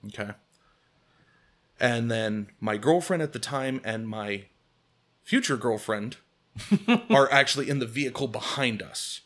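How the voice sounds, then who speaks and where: A man's voice: medium pitch, lively intonation, a little slow, long pauses, fairly bright tone. A man telling a comic personal story as podcast host, acting out quotes, swearing and laughing often.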